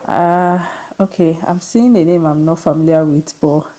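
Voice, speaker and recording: A woman's voice: low voice, fairly even intonation, measured pace, mellow, dull audio. A woman speaking as a guest on a video call, a little under the weather, chatty and laughing often. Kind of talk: online talk. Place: home with a generator running nearby.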